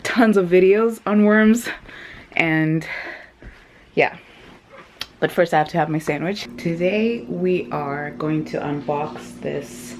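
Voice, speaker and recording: A woman's voice: deep voice, noisy background. A woman vlogging casually at home, chatty and rambling, with frequent fillers like "like". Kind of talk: casual unboxing vlog. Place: at home, indoors.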